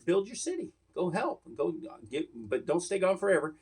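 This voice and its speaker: A man's voice: sits high, very animated, moderate pace, breathy edge, voice pushed up, heavily acted. A man voicing a friendly ancient king who reassures his servant in a kindly, encouraging way. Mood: reassuring.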